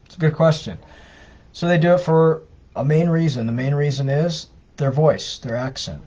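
A man's voice: on the high side, moderate pace, a little mellow. Man giving casual advice on a lo-fi stream. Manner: casual, conversational, many fillers and restarts. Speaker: co-host answering viewer questions. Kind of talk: live Q&A advice talk. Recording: dull lo-fi livestream audio.

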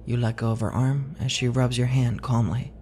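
A man's voice: medium pitch, level tone, moderate pace, a little mellow. Man narrating a tense story. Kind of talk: scripted second-person horror narration.

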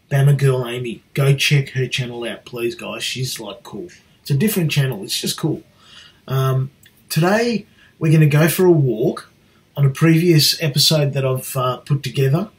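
A middle-aged Australian man in a cheeky, jokey casual vlog, swearing lightly as he chats. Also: mid-range voice. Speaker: vlogger.

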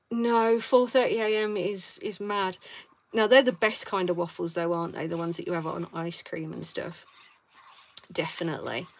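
Chatty southern English woman crafting live. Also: medium pitch. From south of England, London. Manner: chatty and rambling, laughs often. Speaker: craft live-stream host. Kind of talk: casual chat while crafting.

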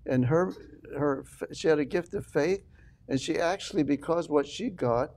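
A man's voice: a little high, moderate pace, darkish tone. An older man, a minister guest on an interview show, telling an earnest family testimony and acting out quoted dialogue. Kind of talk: storytelling testimony.

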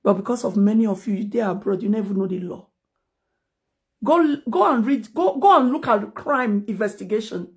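Speaking at normal speed in an animated, mid-range voice, a Nigerian-accented mother and social media personality lashes out at critics. The heated live video rant, filmed on a phone, mixes English with Pidgin.

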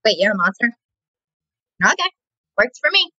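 A woman's voice: on the high side, very animated, moderate pace, bright, forceful tone, no echo, highs cut off. A young woman giving playful, chatty commentary while playing a game. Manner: playful, chatty, reacting aloud. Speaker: gaming channel host. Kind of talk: casual gameplay commentary.

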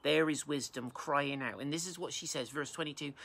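A man's voice: on the high side, brisk, vocal fry, few pauses, a bit bright. A man pastor from England giving an informal Bible talk, reading verses aloud and then explaining them in plain words.

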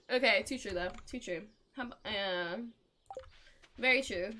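A woman's voice: mid-range voice, unhurried, pauses often, sharp tone, a little hiss or hum. A young woman streaming a game, chatting to viewers in a giggly, rambling way and telling stories. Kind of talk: casual live-stream chat while gaming.

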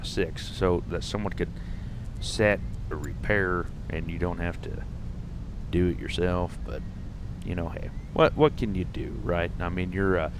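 A man's voice: low-pitched, background noise. A young man, chatting casually while playing a fishing game and rambling through a folksy story. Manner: rambling, folksy, lots of restarts. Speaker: gaming streamer. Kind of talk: casual gameplay commentary and storytelling.

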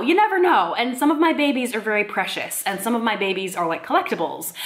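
A woman's voice: medium pitch, fairly bright tone. A young pregnant woman in a casual vlog, chatting with many fillers and frequent laughs. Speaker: vlogger.

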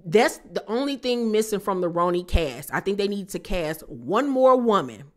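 A woman at a medium pitch and moderate pace gives a casual, sassy recap of a reality TV episode. She talks right to her viewers, tossing in animated asides.

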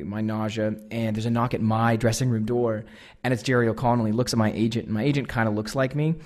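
A man in his thirties with an American accent, telling a comic, self-deprecating story to a live audience and acting out the dialogue. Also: on the low side. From United States. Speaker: guest speaker.

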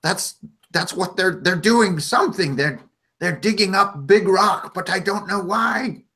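A man's voice: sits high, measured pace, sharp tone, pitched above the performer's own voice. A man voicing a small, frantic male goblin who pleads urgently for help. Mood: urgent pleading.

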